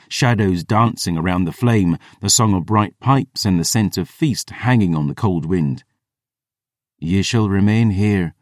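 Rich: A man reads a first-person fantasy audiobook in a measured, descriptive delivery. His voice sits very low and deep. The sound is close and dry, with almost no room echo. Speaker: audiobook narrator.

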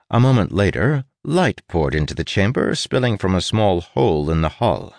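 Low-voiced man reading an audiobook. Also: sing-song, moderate pace, few pauses, darkish tone, no echo, studio quality. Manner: wry, playful asides. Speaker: audiobook narrator. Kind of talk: scripted narration.

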